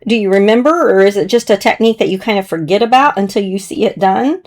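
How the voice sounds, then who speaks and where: A woman's voice: mid-range voice, expressive, fast talker. Chatty woman narrating a craft demo. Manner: chatty, gentle, talks while working with hands. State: slightly hoarse, clearing throat. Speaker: card-making demonstrator. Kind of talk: casual crafting tutorial narration.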